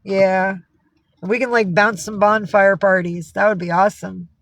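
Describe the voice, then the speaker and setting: A woman's voice: medium pitch, steady tone, unhurried, dry recording. A chatty woman from upstate New York talks casually on a live stream and swears freely. She coos fondly at her cats between answers to viewers' comments. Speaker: livestreamer.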